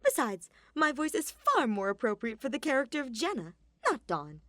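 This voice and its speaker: A woman's voice: high-pitched, big pitch swings, normal speed, fairly bright tone, no echo, clean studio sound, pitched above the performer's own voice. A woman voicing a dramatic, formal young woman who speaks theatrically, in a storybook reading.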